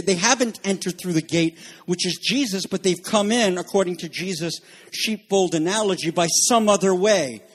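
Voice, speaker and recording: A man preaching an expository sermon as pastor, stammering and restarting at times and climbing to emphatic shouts. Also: high-pitched. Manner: rises to emphatic shouting, then drops back to teaching; frequent restarts and filler stammers.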